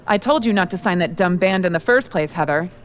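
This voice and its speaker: A woman's voice: fairly low pitch, animated, fairly quick, soft background music, close to an everyday voice. A woman voicing a curt, cool-headed male record producer who gives clipped orders. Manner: blunt, clipped, commanding.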